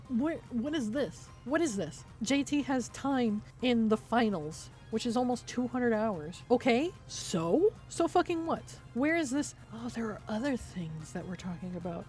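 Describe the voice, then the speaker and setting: A woman streamer rants on a livestream, her voice sitting a little high as she swears and mocks. Her delivery is heated and sarcastic, often breaking into laughs. Quiet music plays faintly behind her. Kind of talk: livestream commentary reacting to a document.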